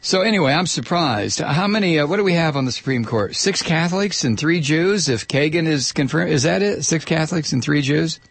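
A man's voice: a little high, animated, fairly quick, vocal fry, hardly any pauses, fairly bright tone, slightly rough. A man hosting a talk radio show, rambling through a sarcastic monologue close to a studio mic. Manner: sarcastic, rambling, mock voices.

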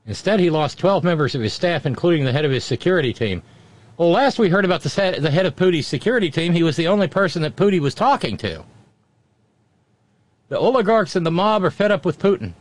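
A man with a somewhat high, sing-song voice and no echo hosts a commentary show. He reads news items and cuts in with quick, wry, sarcastic jabs.

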